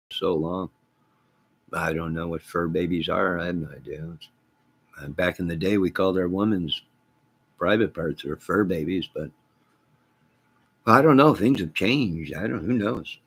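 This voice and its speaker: Gravelly, husky man chatting on a livestream. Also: low-pitched. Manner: rambling, deadpan joking with sudden loud outbursts. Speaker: livestream host reading viewer comments. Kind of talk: casual livestream chat.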